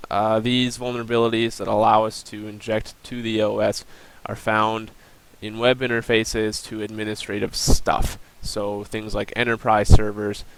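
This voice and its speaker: Gravelly young man explaining step by step. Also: fairly low pitch, little pitch movement, unhurried, hardly any pauses, low-quality recording. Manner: plain explanatory, walks through steps with um and uh. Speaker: student presenter. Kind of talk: recorded class presentation with screen demo.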